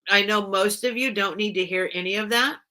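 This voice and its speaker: Chatty bright-voiced woman streamer. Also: mid-range voice, fairly quick. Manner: rambling, chatty, often breaks off mid-sentence; apologetic and giggly with viewers. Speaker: online seller hosting a live sale stream. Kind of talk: casual livestream chat.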